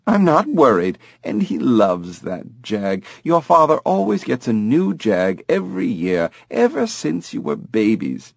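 A man's voice: mid-range voice, huge pitch swings, measured pace, gravelly, hardly any pauses, husky, no echo, studio quality, exaggerated voice. A man reading an audiobook, voicing an older, well-off woman who brushes off bad news with breezy, chiding remarks. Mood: dismissive.

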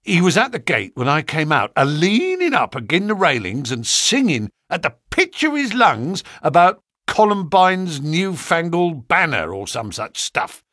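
Guy voicing a rough-talking constable, husky, pushed up high, swings all over, dry sound. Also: huge pitch swings, a little slow, few pauses, fairly bright tone, no echo, exaggerated voice. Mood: aggrieved. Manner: dropped grammar, rough common speech. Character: gruff working-class London police constable, defensive. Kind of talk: audiobook character reading.

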